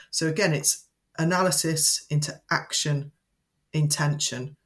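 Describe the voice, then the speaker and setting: A woman educator giving calm, measured advice as a guest in an interview. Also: sits low. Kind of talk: interview explanation.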